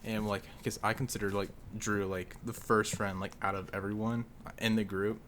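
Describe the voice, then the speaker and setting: A young man in a casual podcast chat, talking haltingly with stammered restarts and swearing. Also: fairly low pitch, level tone, a bit bright, a little hiss or hum. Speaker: podcast guest.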